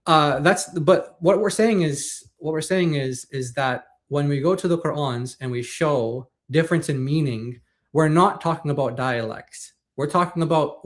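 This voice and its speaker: A man co-hosting a live-streamed talk show, explaining points in casual chat and often restarting his phrases. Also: fairly high pitch.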